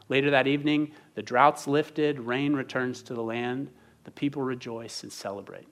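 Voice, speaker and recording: A man's voice: medium pitch, normal speed. A man in his thirties preaching a sermon as a pastor, earnest and conversational, often restarting his sentences.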